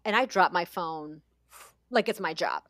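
A woman in her thirties, a podcast co-host, telling a lively story in casual chat and acting out her kids' voices. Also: fairly low pitch, a little slow, no echo. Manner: animated storyteller, acts out voices of her kids.

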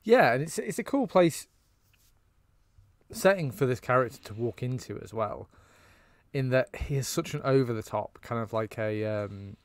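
A man's voice: mid-range voice, lively intonation, normal speed, no room sound. A man co-hosting a podcast, chatting casually about a film, swearing freely and laughing often. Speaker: podcast co-host.

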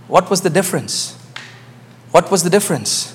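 High-voiced preacher man shouting in a hall. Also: lively intonation, moderate pace, pauses often. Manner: swings from hushed asides to shouted, high-pitched climaxes. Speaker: pastor. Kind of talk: sermon. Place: church sanctuary. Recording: hall reverb.

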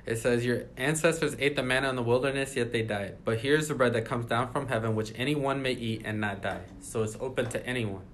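A man's voice: mid-range voice, a little fast, hardly any pauses, a bit bright, a little hiss or hum. A man leading a casual Bible study, reading passages aloud and then explaining them in his own words. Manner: reads scripture aloud then explains it conversationally.

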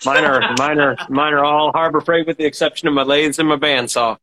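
A man's voice: fairly high pitch, steady tone, fairly quick, noisy background. A man co-hosting a podcast and chatting in a friendly, easygoing way. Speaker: co-host. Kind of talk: casual podcast chat.

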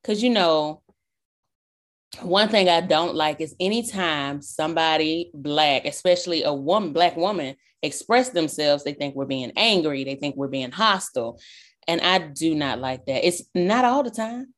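A young woman from the South, talking loudly and expressively in a casual chat. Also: sits low, moderate pace. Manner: loud, projecting, expressive.

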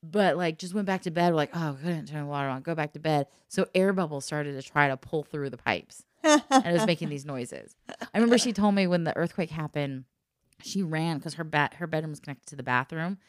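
A woman telling a personal story in casual chat, lively and laughing often as she acts out the voices of the people in it. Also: deep voice, brisk, no room sound, clean studio sound.

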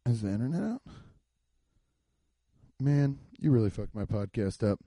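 A young man rambles through a solo podcast from his garage, cursing freely. His mellow voice swings widely in pitch, from low mutters to sudden loud bursts. The sound is close and dry. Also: unhurried, husky, no echo. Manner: loose, profane, rambling with frequent swearing; animated, jumps between muttering and loud outbursts. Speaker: podcast host. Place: home garage.

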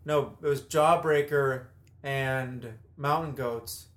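A man's voice: mid-range voice, fairly even intonation, takes it slowly. A man co-hosting a podcast, chatting casually, rambling and laughing often. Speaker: podcast co-host. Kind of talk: casual chat.

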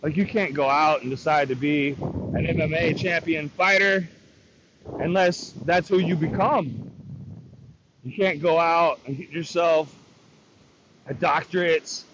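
A man rambles through a frustrated personal story, quoting his own side of arguments as he goes. His voice sits fairly high. The recording is muffled and lo-fi, with steady loud noise underneath. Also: a little slow, pauses often. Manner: rambling, frustrated, quotes himself in dialogue. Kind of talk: casual storytelling rant.

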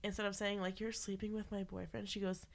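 A woman's voice: mid-range voice, fast, vocal fry. A woman in her thirties co-hosting a casual podcast at home, telling stories and acting out what people said. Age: 30s. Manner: animated storyteller, acts out quotes. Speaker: podcast co-host. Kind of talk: casual chat.

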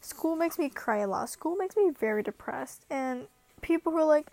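A woman's voice: sits high, moderate pace, creaky, darkish tone, no echo. A young woman in her late teens, recording a casual vlog at home and rambling in an anxious, self-deprecating way. She laughs often as she talks. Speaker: vlogger.

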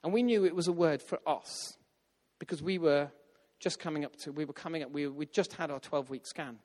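A man telling a story in a sermon, lively and acting out the voices of the people in it. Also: fairly high pitch, brisk. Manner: animated, acts out quoted voices. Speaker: preacher. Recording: long hall reverb.

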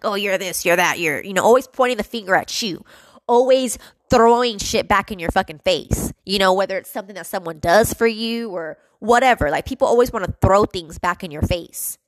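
A woman's voice: medium pitch, fairly bright tone, dry recording. Frustrated young woman venting. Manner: venting, frustrated, repetitive fillers and swearing. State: emotional, near tears. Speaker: podcast host. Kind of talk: emotional personal monologue.

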